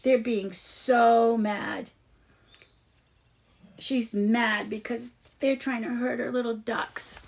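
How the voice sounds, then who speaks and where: A woman reading a picture book aloud to children, pausing to explain words. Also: a little high, fairly even intonation, vocal fry. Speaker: children's story reader.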